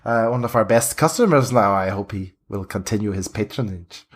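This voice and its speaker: A man voicing a gracious, scheming woman who leads a group of sisters, lifting his voice high for her. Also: moderate pace, natural voice. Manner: raised pitch, gracious and sly. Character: flirty scheming woman, leader of wine-loving sisters.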